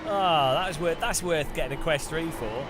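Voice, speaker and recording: A man hosting a sim racing video, giving excitable, incredulous gameplay commentary with bursts of laughter. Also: on the high side, moderate pace, background noise. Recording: background music under voice.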